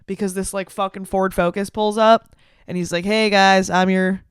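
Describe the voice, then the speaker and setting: A young woman in her twenties hosting a comedy podcast, telling a story in an animated, profane and self-mocking way. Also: medium pitch, normal speed, clear, resonant tone, no room sound, studio quality. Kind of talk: storytelling monologue.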